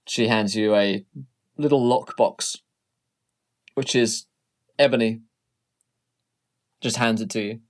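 A man's voice: on the low side, slow, pauses often. Easygoing man running a tabletop game. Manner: relaxed, hesitant narration with many fillers. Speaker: game master.

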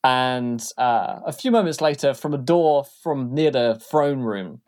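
A man's voice: mid-range voice, animated, measured pace, a little mellow. A man narrating a tabletop game as game master, rambling with many fillers.

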